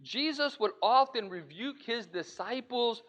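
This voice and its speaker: High, lively-voiced man preaching. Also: unhurried. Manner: conversational, earnest, addresses the congregation directly. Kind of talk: sermon lesson. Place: church auditorium.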